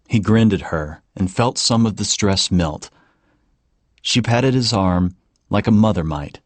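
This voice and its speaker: Deep, calm male audiobook narrator, dry studio sound. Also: measured pace, dry recording. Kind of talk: scripted narration.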